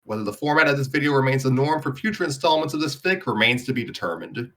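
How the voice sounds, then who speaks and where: A man's voice: medium pitch, expressive, fast, a bit bright. A man hosting a story show and narrating a fan story, with dry, self-mocking humor. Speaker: host and narrator.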